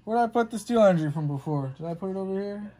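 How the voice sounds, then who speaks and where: A man's voice: sits high, animated, racing, warm tone. Jokey young man rambling through an unboxing. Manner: rambling, jokey and profane, talking to chat. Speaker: streamer unboxing trading cards. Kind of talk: casual unboxing commentary.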